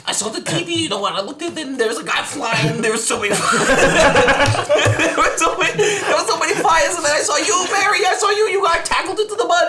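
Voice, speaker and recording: A tabletop player voicing a tiny, frantic alien father who rambles and shouts tearfully. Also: roomy sound. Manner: shrill, shouting, tearful babbling.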